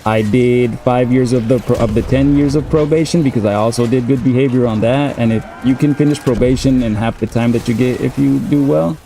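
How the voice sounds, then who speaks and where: A man's voice: mid-range voice, fairly even intonation, fairly quick, vocal fry, few pauses, warm tone, slight background noise. Profane laid-back man in his thirties. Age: 30s. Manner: loose, profane, filler-heavy storytelling. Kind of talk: casual storytelling while gaming.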